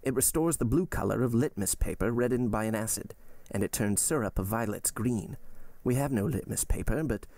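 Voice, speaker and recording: A stern middle-aged male doctor lays out his case in a measured, solemn tone, as a man reading the story puts him on. The voice is gravelly and close, in a dry room. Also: medium pitch, dark tone, no room sound, lightly acted. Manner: solemn and deliberate.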